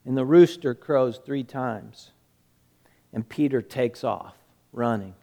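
A male preacher retelling a story in a sermon, emphatic, repeating words and dropping quiet. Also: medium pitch, slow, creaky.

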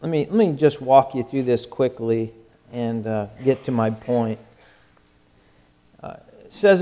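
A man's voice: medium pitch, a little slow, pauses often, mellow. A male pastor giving a folksy, conversational sermon, joking and often restarting his sentences.

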